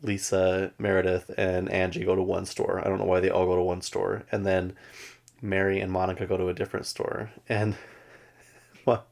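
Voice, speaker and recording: A man's voice: low voice, level tone, moderate pace, vocal fry, darkish tone. A man hosting a podcast, chatting casually and gossipy as he recaps a reality show, laughing often. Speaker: podcast host.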